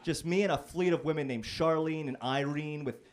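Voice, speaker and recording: A young man performing a stand-up set in a comedy club, wry and self-deprecating, breaking into loud mock-singing and shouted impressions. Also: a little high, brisk, background noise. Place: comedy club stage before a live audience.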